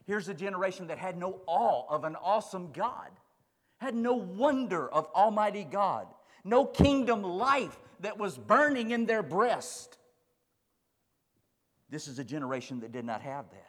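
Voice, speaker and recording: Male pastor, sermon, emphatic repetition, high voice, long reverb. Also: big pitch swings, a little slow. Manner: emphatic preaching with building repetition.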